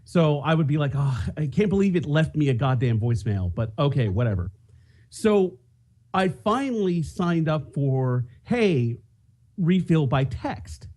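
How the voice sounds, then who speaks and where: Lively, animated man telling a story. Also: a little high, measured pace. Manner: animated storytelling with self-mocking asides. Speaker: podcast co-host. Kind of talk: casual chat.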